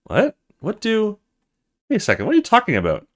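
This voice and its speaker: A man doing a shrill, vain young woman. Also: huge pitch swings, brisk. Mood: disbelieving. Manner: shrill, disbelieving.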